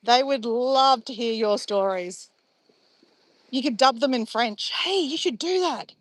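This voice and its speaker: A woman's voice: a little high, unhurried, no room sound. A woman, chatting casually and playfully with live viewers in a bubbly, laughing way.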